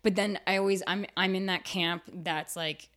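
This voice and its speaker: Animated, lowish-voiced woman telling stories. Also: normal speed. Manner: animated storytelling, many fillers like "like" and "you know". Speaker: actor and writer, podcast guest. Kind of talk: casual interview chat.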